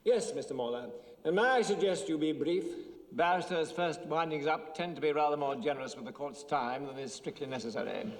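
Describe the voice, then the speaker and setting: An actor playing a dry, condescending judge hurrying a barrister along, in a film drama. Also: male voice, on the high side, fairly quick, slight background noise, natural voice. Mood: impatient. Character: dry, impatient old judge. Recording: reverberant courtroom.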